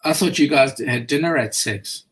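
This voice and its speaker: A man's voice: medium pitch, moderate pace, fairly bright tone. A man with a New Zealand accent, co-hosting a casual chat show and reading out viewer comments in a laconic way. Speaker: co-host.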